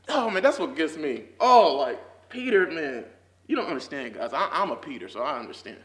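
A young man with a fairly high voice teaches a relaxed Sunday school Bible lesson at a quick clip, his pitch swinging widely. He talks in slang packed with "like"s, laughs often, and grows more fervent until he is nearly shouting. The room is echoey.

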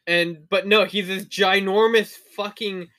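A man's voice: high-pitched, steady tone, a little slow, bright, forceful tone. A young man co-hosting a podcast, telling stories in a laid-back, swearing, casual way. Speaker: podcast co-host. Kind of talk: casual rant.

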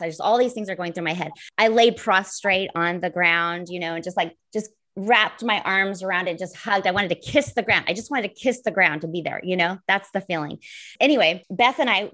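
Woman, mid pitch, earnest and rambling, telling a personal faith story in casual chat. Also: fairly bright tone. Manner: earnest, rambling, many fillers. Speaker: pilgrim sharing a story.

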